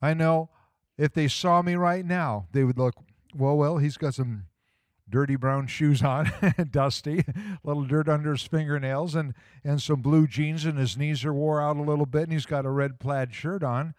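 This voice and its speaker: Folksy preacher man, smooth clear voice. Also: on the high side, fairly even intonation, normal speed, dry recording, studio quality. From small-town Midwest US. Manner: folksy, conversational preaching with rhetorical questions. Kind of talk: sermon.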